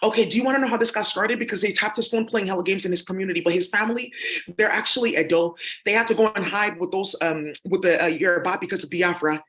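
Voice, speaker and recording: A woman's voice: medium pitch, quick pace, fairly bright tone. A woman vlogger talking straight to her viewers in a rambling, accusatory monologue full of ums and uhs. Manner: rambling and accusatory, heavy with fillers. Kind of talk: rambling direct-to-camera monologue.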